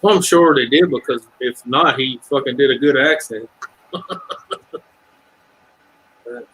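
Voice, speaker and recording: A man's voice: mid-range voice, takes it slowly, a bit bright, breathy edge, low-quality recording. A middle-aged man with a Southern US accent, chatting casually and rambling, swearing freely and trailing off. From Ohio. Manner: rambling, swears freely, breaks into singing lines. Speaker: livestream chat guest. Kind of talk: casual chat.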